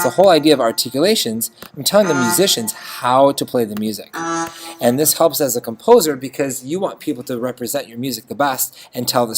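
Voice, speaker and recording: A chatty music teacher walking through a notation lesson on screen, forever asking "okay?" and humming bits of the tune. The voice sits at an ordinary middle pitch. Faint instrument playback sounds behind the talk. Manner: chatty, checks in with frequent "okay?", sings notes.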